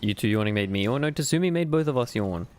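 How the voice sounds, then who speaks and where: A man's voice: mid-range voice, lively intonation, fast talker, darkish tone. A man streaming a game live, sleepy and yawning, chatting loosely with his chat and swearing often. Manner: loose, profane banter with chat.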